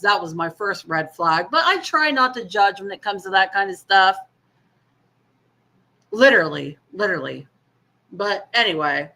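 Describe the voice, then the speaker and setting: Bright-voiced woman chatting bluntly. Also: medium pitch. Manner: candid, blunt, swears and laughs while telling a story. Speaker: co-host. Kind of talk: casual chat.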